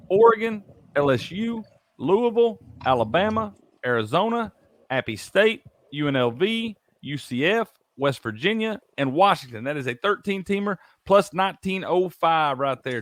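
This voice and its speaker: A man's voice: high-pitched, fairly bright tone, no echo. A man hosting a sports betting stream, laid-back and reading off picks. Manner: laid-back, drawling, reads lists of picks. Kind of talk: casual sports chat.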